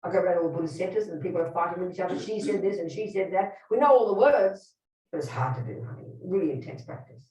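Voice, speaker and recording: This Buddhist nun teaches a room of listeners in a fairly low, warm, rapid-fire voice, her animated pitch swinging widely as she drives each point home through blunt, emphatic storytelling. She often asks the group directly whether they follow. She stands some distance from the microphone in a roomy, echoing hall.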